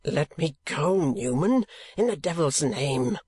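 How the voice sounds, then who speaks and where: A man reading an audiobook, voicing an earnest, insistent young gentleman in close to his own voice. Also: a little high, animated, slow, breathy edge, dry recording, heavily acted.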